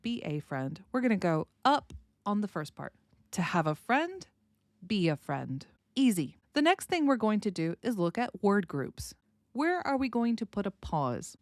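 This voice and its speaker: An American woman hosting an English pronunciation podcast, walking through example phrases and slowly modeling them aloud. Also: medium pitch, darkish tone, no echo, studio quality. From United States. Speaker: English tutor, podcast host. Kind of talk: podcast lesson, clear demonstrative delivery.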